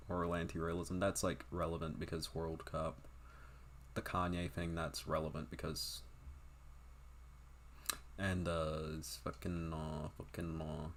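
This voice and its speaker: A young game streamer with a very low, deep voice rambles through a casual livestream, tossing off offhand remarks and swearing often. He speaks loosely to viewers, frequently trailing off mid-thought, with slight background noise.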